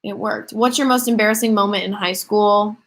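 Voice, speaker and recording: A woman's voice: medium pitch, steady tone, a little fast. A woman in her twenties chatting casually on a livestream, rambling through viewer questions with lots of fillers. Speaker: livestream host.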